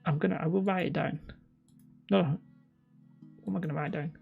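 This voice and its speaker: A woman's voice: fairly low pitch, fairly even intonation, brisk, vocal fry, narrow, tinny audio, soft background music. A woman hosting a casual livestream, reading viewer comments in a rambling, self-deprecating way and laughing often. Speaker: livestream host.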